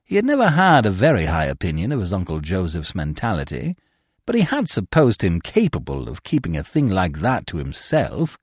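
Expressive male audiobook narrator. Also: sits low, normal speed, breathy edge, dry recording, clean studio sound. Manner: expressive, comic storytelling. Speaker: narrator and podcast host.

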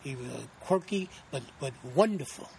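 High-voiced man telling rambling stories. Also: normal speed, background noise. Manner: rambling, animated anecdotes with acted-out quotes and many restarts. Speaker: actor and interview guest. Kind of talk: casual interview storytelling.

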